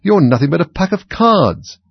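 Man voicing a defiant little storybook girl, high raised voice, husky, dull recording. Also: sing-song, quick pace, no echo, full character voice. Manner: outspoken, defiant. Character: bold, curious little girl.

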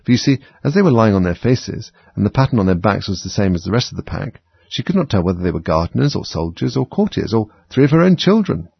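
A man narrating a storybook aloud in an animated, dramatic way. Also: on the low side, fast, creaky, hardly any pauses, slightly rough, no room sound. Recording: dull lo-fi recording.

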